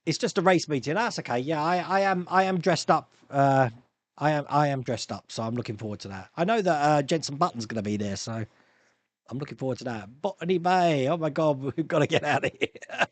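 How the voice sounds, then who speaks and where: A man's voice: fairly high pitch, expressive, brisk, no echo. A man hosting a live stream, chatting casually and rambling through viewer comments with frequent laughs and restarts.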